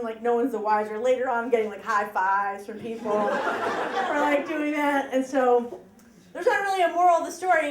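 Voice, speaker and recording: A woman's voice: high voice, roomy sound, background noise. A woman telling a personal story live on stage to an audience, chatty and self-mocking, laughing at her own lines. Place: live event room with audience.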